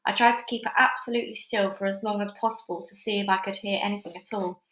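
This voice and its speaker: A woman's voice: mid-range voice, steady tone, fast, fairly bright tone, a little hiss or hum. Lady doing a read-along of a kids' book at home, chatty, echoey room. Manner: casual, chatty with fillers. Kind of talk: reading a children's book aloud. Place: busy house.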